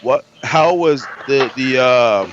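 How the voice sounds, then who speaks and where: A man's voice: medium pitch, takes it slowly, muffled recording. A man joking around on a casual gaming podcast, slangy and laughing often. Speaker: podcast panelist.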